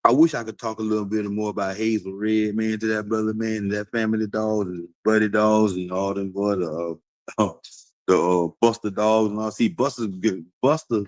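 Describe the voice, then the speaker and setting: A lower-voiced man, rambling in a loose and preachy way to his livestream viewers. His pitch jumps around a lot as he repeats himself, laughing here and there, in a dry, close recording. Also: moderate pace, no echo, poor audio. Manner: animated, repetitive, preachy, laughs often. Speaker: dog breeder talking to a stream audience. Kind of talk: casual livestream talk.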